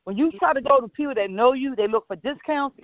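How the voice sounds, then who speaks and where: A woman, a small business owner, telling rambling, animated stories in a casual call-in radio chat. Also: high-pitched, fast, no room sound. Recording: dull lo-fi dry sound.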